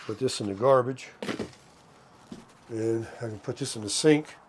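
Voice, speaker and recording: Older guy cooking steak at his rv, slow folksy talk, kinda winded, faint noise behind. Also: mid-range voice. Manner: folksy, talks to himself while cooking. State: tired, short of breath. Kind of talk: casual vlog chat to camera. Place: RV park, indoors and out.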